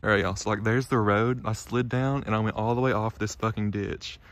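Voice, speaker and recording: A man's voice: on the low side, fairly even intonation, fairly quick. Rambling, swearing young guy. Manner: rambling, heavy swearing, lots of "like" and "y'all". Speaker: vlogger. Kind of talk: casual vlog to camera. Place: car and roadside in snow, then parked truck.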